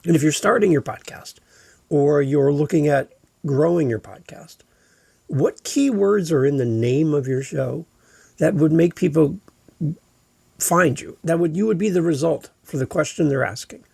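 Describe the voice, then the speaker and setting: A man's voice: a little high, lively intonation, normal speed, gravelly, a little mellow, slightly rough, no echo. A man hosting his own podcast, talking casually and with enthusiasm, often restarting his sentences. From Canada. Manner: chatty and enthusiastic, with frequent restarts. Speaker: podcast host. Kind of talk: casual solo podcast talk.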